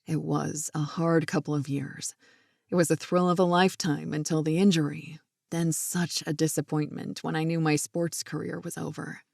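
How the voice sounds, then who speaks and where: A woman reading as a warm-hearted man in love; drop the voice low, keep it gravelly and close. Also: level tone, normal speed, dry recording. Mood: tender. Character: smitten man in his thirties, tender, playful.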